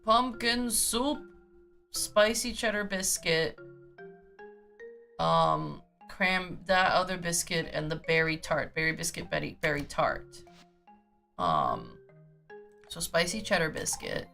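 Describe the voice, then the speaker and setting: A woman streamer talking herself through a cozy game, her bright voice leaping up and down as she hums little nonsense tunes. She speaks slowly and unhurried, with soft game music faintly underneath. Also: lowish voice, animated, gravelly. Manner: goofy, hums and scats to herself while sorting items. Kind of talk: casual gameplay chatter. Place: home streaming setup.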